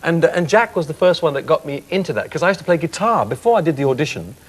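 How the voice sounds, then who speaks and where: A man in his fifties, a singer guest on a chat show, reflecting candidly on his career in a thoughtful, soft-spoken way. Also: on the high side, lively intonation, quick pace.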